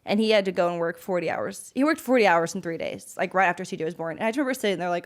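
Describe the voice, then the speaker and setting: A woman's voice: medium pitch, rapid-fire, few pauses. Heartfelt young woman podcast co-host. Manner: warm, heartfelt, gets emotional about her mom. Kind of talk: casual podcast chat.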